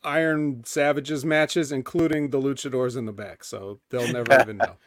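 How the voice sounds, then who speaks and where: A man co-hosting a casual wrestling review podcast, joking in a deadpan, mock-indignant way. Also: mid-range voice, normal speed, no room sound. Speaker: podcast co-host.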